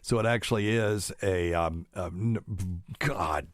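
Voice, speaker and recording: Middle-aged male podcast host, very low voice, dry close mic, rambling and pedantic. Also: unhurried, no room sound. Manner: rambling, pedantic, many fillers. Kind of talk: casual solo podcast talk.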